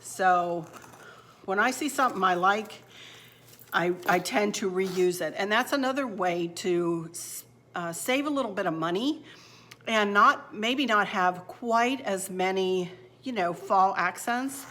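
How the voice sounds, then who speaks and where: A home decor vlogger chats homily through a decorating tutorial in her kitchen, laughing easily as she works on the craft. Her mid-range voice is a little slow and fairly bright, with a bit of hiss or hum in the recording.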